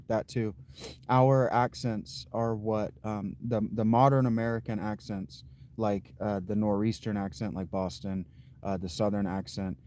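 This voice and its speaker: A man hosting a livestream, chatting casually with viewers' comments in an unhurried, blunt way, thinking aloud with fillers and restarts. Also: lowish voice, dark tone, a little hiss or hum. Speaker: livestream host.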